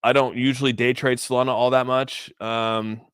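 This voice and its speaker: A man streams live, casually going through crypto charts and reading out donor messages in a loose, chatty way with many restarts. His medium-pitched voice is flat and delivered at normal speed, fairly bright and smooth, in clean studio sound with no room sound.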